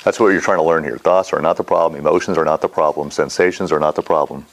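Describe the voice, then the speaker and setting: A man's voice: extremely low pitch, fast. A middle-aged man teaching a mindfulness class in a casual, rambling way, often quizzing his students. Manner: rambling, animated, asks the class questions.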